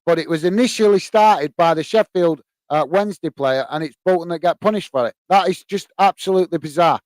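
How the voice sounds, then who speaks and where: An Englishman hosts a live football watch-along stream, chatting with viewers and offering loose play-by-play full of fillers, breaking into shouts when goals go in. His voice is on the high side and a little fast, with no room sound.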